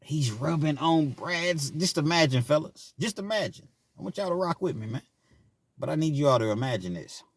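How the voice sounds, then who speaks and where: A middle-aged man casually telling a personal story, laughing often and swinging between loud bursts and quiet asides. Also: on the high side, expressive, moderate pace, husky, no room sound. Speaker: storyteller vlogger.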